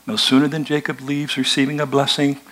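A male pastor preaching a sermon, retelling a story in a conversational, animated way. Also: mid-range voice, a little fast.

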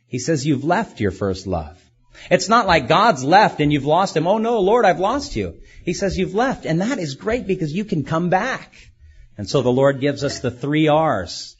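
A man's voice: mid-range voice, breathy edge, muffled recording. A man preaching a sermon as a pastor, asking rhetorical questions and acting out quoted speakers.

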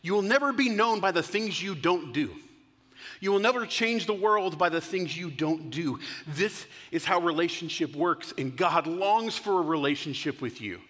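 A male pastor preaches in a conversational way and checks in with his listeners through frequent questions. His voice is bright and a touch high, and it carries with a long reverb in a church sanctuary. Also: animated, moderate pace. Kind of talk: sermon.

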